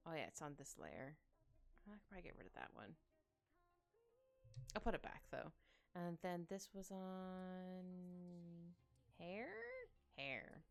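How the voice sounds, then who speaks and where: A woman streamer chats casually while drawing live, thinking aloud and humming to herself over faint background music. Her voice is fairly low and gravelly, with lively intonation, an unhurried pace, and long pauses.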